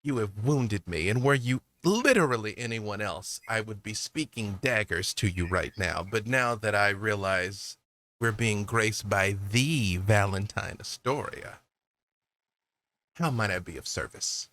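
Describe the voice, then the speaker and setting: A man's voice: fairly low pitch, lively intonation, unhurried, sharp tone, no echo. A man voicing a vain, theatrical female impostor. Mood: haughty. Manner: preening, calls people darling. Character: theatrical woman impersonator, smug and vain.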